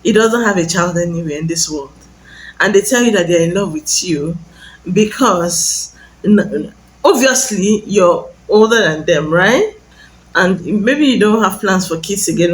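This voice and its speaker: A woman's voice: fairly low pitch, rough recording. A woman giving emphatic advice in a casual monologue, warning listeners and repeating phrases. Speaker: social media commentator.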